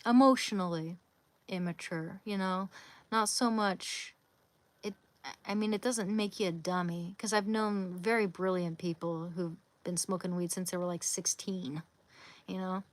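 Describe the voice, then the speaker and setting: A woman's voice: lowish voice, fairly even intonation, measured pace. A woman in her thirties chatting casually on a live stream from home, reading and answering viewer comments as she talks. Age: 30s. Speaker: livestreamer. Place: home, near a bed. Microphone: phone or device camera.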